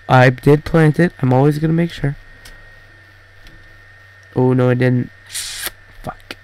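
A man's voice: medium pitch, fairly even intonation, darkish tone, slight background noise, poor audio. Rambling teen boy gamer. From Canada. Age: teenager. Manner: rambling, halting, many fillers and restarts. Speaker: gaming YouTuber. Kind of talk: casual gameplay chatter.

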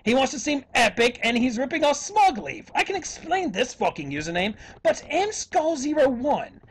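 Using an extremely high, sing-song voice at normal speed, a YouTube commentator plays an evil professor with a put-on British accent. He rants, swears and insults other video makers, and there's a little hiss or hum on the recording.

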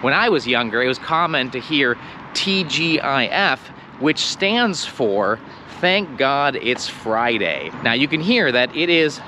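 A man's voice: mid-range voice, big pitch swings, takes it slowly, bright, forceful tone, a little hiss or hum. An American man teaching English in a casual video lesson, playful and fond of acting out little scenes.

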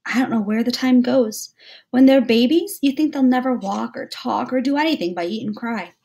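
A woman reading aloud voices a warm, caring middle-aged mother who talks gently and dotes on a baby. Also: on the high side, moderate pace, vocal fry, voice pushed up. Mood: tender. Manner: gentle, doting, sings a nursery rhyme. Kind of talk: read-aloud storybook dialogue.

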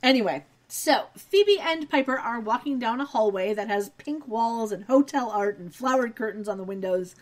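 A woman's voice: fairly high pitch, animated, normal speed, hardly any pauses. Chatty woman recapping a show. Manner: chatty, wry asides. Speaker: podcast co-host. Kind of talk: casual recap chat.

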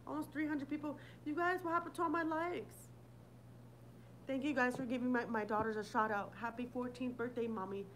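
Woman streamer, casual and foul-mouthed, reacting to chat, a bit higher-pitched, faint noise behind. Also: fairly even intonation, a little fast, fairly bright tone, rough recording. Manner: blunt, profane, laughing often; reads and answers viewer comments. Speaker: livestream host.

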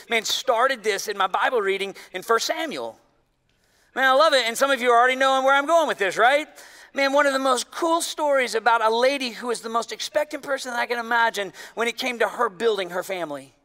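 A man preaching a sermon as pastor, emphatic and animated, often saying "man" and "y'all". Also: very high voice, long reverb tail.

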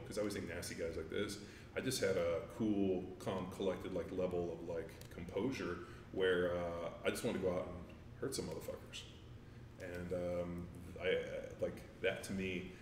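Very deep-voiced man, laid-back and rambling. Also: steady tone, brisk, a little hiss or hum. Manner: laid-back, rambling, with many fillers and profanity. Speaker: guest, former NFL offensive lineman. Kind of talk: casual interview chat. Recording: roomy, distant mic with faint ambience.

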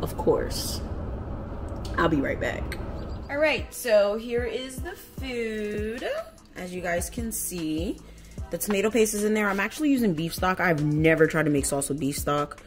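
A woman's voice: medium pitch, animated, measured pace, over music. A woman vlogging a story from home, ranting in a heated, profane way. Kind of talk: storytime vlog. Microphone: camera.

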